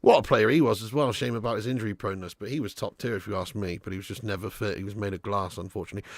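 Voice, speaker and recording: A man hosting a live football watch-along, excitable, yelling at the referee one moment and muttering the next, and chatting with his viewers. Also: fast, few pauses, no room sound, studio quality. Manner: excitable, yells at the referee, then drops to low muttering; swears and chats with live viewers. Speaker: fan channel host.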